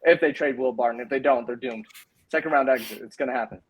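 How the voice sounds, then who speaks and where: A man blogging about sports, talking casually in a group video call, opinionated and full of quick restarts. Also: mid-range voice, breathy edge, low-quality recording.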